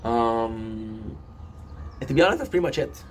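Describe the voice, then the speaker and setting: A man's voice: mid-range voice, animated, moderate pace, slight background noise. A man casually recapping a show episode on his phone, rambling with many fillers and restarts and swearing often.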